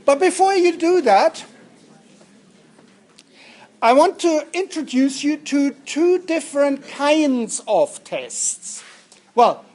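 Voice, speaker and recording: A male university lecturer talks at an unhurried, deliberate pace. He teaches in a lecture room, keeping things light with jokes and turning often to the students with questions. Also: very high voice, darkish tone. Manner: jokey and interactive, questions the students. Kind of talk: lecturing on statistics.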